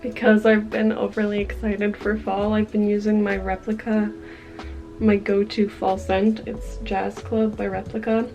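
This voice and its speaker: A young woman chats through a story for her vlog, tossing in fillers as she goes. Her voice sits at a middling pitch. Soft music plays underneath. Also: monotone, measured pace. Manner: chatty, storytelling with frequent fillers. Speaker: vlogger. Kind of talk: casual chat.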